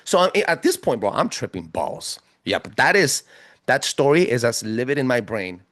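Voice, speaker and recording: A man telling a story as a podcast guest in a casual, animated way, full of slang. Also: medium pitch, moderate pace, no room sound, studio quality. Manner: animated, slangy, keeps saying bro.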